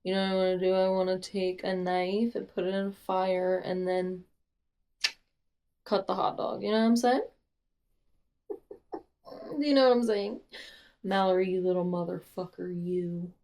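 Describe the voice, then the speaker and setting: A young woman vlogging about a book, reading passages aloud and reacting with loud exclamations and sudden whispers. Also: mid-range voice, steady tone, unhurried, pauses often.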